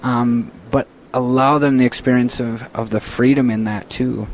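A man hosting a casual faith discussion, chatty and animated, often laughing and slipping into quoted voices. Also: mid-range voice, moderate pace, a little hiss or hum, poor audio. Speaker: host. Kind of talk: casual Catholic Q&A talk.

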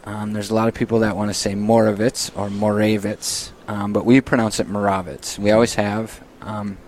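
A man's voice: on the low side, flat delivery, fast talker, darkish tone, slight background noise. A man from Minnesota who is a priest, hosting a casual radio chat in a studio, friendly and speaking with frequent ums. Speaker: radio show host and priest.

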